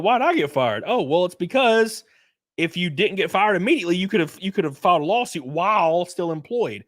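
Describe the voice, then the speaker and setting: A man's voice: sits high, lively intonation, brisk, no echo, clean studio sound. A young man giving loose, profane, rambling live-stream commentary.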